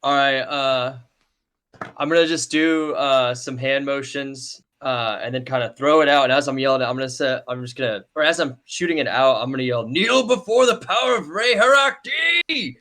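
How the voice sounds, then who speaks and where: A man's voice: mid-range voice, fairly even intonation, moderate pace, a bit bright, smooth. A man playing a tabletop game, eager and casual, with loose everyday phrasing. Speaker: player.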